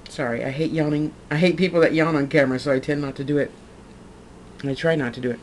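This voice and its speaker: A woman's voice: sits low, fairly even intonation, quick pace, a little mellow, slight background noise. Heartfelt rambling woman vlogging. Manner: rambling, heartfelt, repeats herself. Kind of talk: casual vlog monologue.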